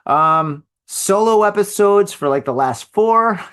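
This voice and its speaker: Middle-aged guy rambling through his solo podcast, kinda high voice, chuckles at himself a lot. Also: lively intonation, takes it slowly, fairly bright tone, smooth. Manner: rambling, lots of filler, laughs at own jokes. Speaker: podcast host. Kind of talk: solo podcast casual chat.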